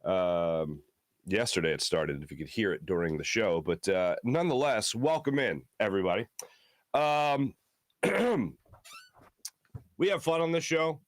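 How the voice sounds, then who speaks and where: A hoarse man with a lowish voice hosts a sports talk show from a studio. He speaks in an earnest, halting, heartfelt way, and the recording sounds dry and close. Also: sing-song, no room sound.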